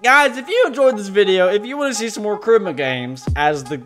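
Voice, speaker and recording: Jumpy, lively young-sounding gamer man. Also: high-pitched, brisk, few pauses. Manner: jumpy, talks to himself and the game. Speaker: gaming host. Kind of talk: horror game let's play commentary.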